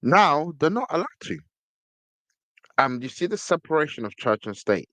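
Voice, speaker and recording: A man's voice: a little high, sing-song, moderate pace, a bit bright, dry recording. A man hosting a podcast in casual commentary, reading text from a screen and stressing his points with repeated words. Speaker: podcast host.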